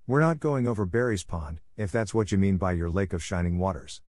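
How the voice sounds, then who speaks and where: A man's voice: sits low, fairly quick, a little mellow, dry recording, lightly acted. A man reading as a stern spinster. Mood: stern curt. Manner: curt, merciless, moralizing. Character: stern, blunt older spinster woman. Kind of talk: audiobook reading.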